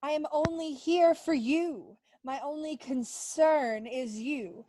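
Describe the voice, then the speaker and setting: Sly flowery snake voiced by a woman, high and slow, super dry sound. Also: mellow, slight background noise. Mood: insinuating. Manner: flowery, insinuating, slow and deliberate. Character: smooth-talking meddling talking snake. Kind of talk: audio theater acting.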